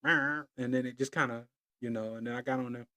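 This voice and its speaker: A man's voice: medium pitch, steady tone, brisk, background noise. A man hosting his own podcast, talking loosely and playfully, drifting into rhymes and chuckles. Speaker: podcast host. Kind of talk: casual solo podcast monologue.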